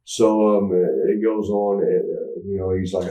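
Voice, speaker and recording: A man's voice: sits low, steady tone, unhurried, few pauses, dark tone. A man telling a candid story in an interview, rambling with restarts and acting out what people said. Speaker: interview guest. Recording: roomy, mic at some distance.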